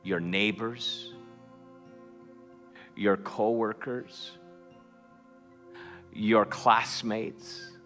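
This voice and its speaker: A man's voice: lowish voice, fairly even intonation, drawn-out words, pauses often, fairly bright tone, faint music behind. A middle-aged man preaching a sermon in a church, telling a story with stammered restarts before building to fervent calls. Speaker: pastor. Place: church sanctuary.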